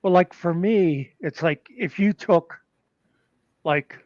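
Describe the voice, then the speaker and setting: A man's voice: sits high, takes it slowly, darkish tone, no room sound. Guy co-hosting a chat, laughs a lot, rambles, kinda muffled dry audio. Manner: chuckling, rambling with fillers. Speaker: podcast co-host. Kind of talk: casual chat.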